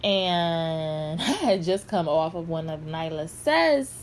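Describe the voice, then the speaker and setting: A woman's voice: on the low side, expressive, slow pace, a little hiss or hum. A woman giving blunt, sassy, heavily profane commentary in a vlog. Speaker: pop culture commentator.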